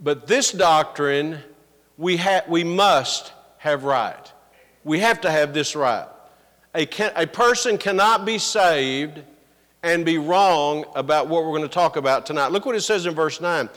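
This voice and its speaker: A man preaching an emphatic evening sermon as pastor, reading scripture slowly and pressing his points with earnest stress. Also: fairly high pitch, fairly bright tone. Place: church sanctuary. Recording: long reverb of a large hall.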